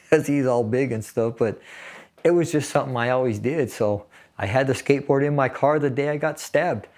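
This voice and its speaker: A man with a medium-pitched, darkish voice and moderate pace recounts a personal story casually in an interview. He's a California Navy veteran in his sixties from the San Fernando Valley, and he laughs through the grim details.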